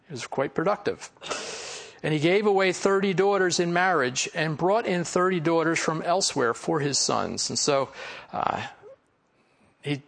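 A man with a Philadelphia accent teaching through a Bible passage in a relaxed, conversational way, with asides and fillers. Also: a little high, vocal fry. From Philadelphia area. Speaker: pastor.

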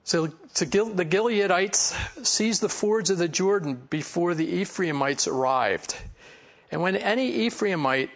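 Speaking in a Philadelphia accent, a pastor from that area walks through a Bible passage in an unhurried, high voice. The teaching is casual and conversational, dotted with asides and fillers.

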